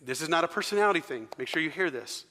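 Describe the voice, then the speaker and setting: A male preacher gives a casual, conversational sermon. His voice sits a little high and rings bright. The sound carries the long reverb of a large church hall. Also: expressive, fast talker. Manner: conversational, engages the congregation with questions.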